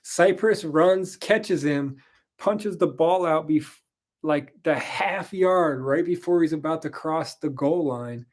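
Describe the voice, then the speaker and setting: A man's voice: on the high side, takes it slowly. A tired man casually rambling through a football weekend recap, frank and profane, with frequent ums. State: tired, yawning. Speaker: podcast host. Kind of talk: casual sports recap monologue.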